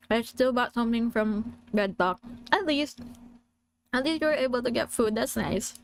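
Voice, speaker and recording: A woman's voice: on the high side, normal speed, slight background noise. A woman streamer chatting casually with her viewers, giggly and self-deprecating. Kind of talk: casual live-stream chat.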